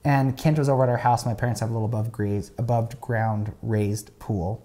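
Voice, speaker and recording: A young man speaks on a podcast in a mellow, warm tone as he tells a family story. He is chatty and animated, and his speech is full of fillers and quick restarts. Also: on the low side, a little hiss or hum. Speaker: podcast guest. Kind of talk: casual storytelling.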